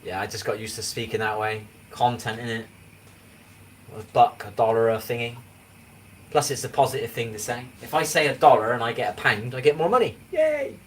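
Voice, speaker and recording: A man's voice: mid-range voice, fairly even intonation, brisk. A man in his forties with an English accent, chatting casually on a livestream and rambling as he keeps asking if you know what he means. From England. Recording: distant mic with faint background noise.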